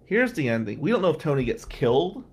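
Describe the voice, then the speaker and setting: A man's voice: a little high, sing-song, quick pace, slight background noise. A middle-aged man, an attorney hosting a show, telling stories in a profane, ranting way and sounding exhausted. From Atlantic City, New Jersey. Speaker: attorney and podcast host. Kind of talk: casual monologue.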